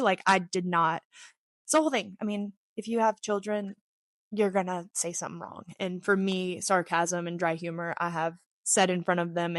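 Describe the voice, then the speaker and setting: A woman's voice: medium pitch, no room sound, studio quality. A woman in her thirties speaking casually to camera about personal growth, earnest and open, drifting into tangents with self-deprecating humor. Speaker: athlete sharing reflections on her channel. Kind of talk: casual reflective talk to camera.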